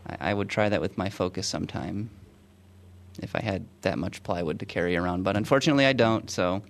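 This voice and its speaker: A man's voice: sits low, brisk, creaky. A man hosting a podcast, chatting casually through news stories, joking and laughing often as he reads. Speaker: podcast host.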